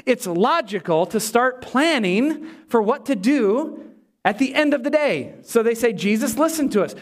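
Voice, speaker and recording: A male pastor with a fairly high voice delivers a lively sermon. He acts out the characters with quick, animated asides, then sinks to a slow, hushed tone to drive a point home. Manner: drops to a hushed, slow voice for emphasis.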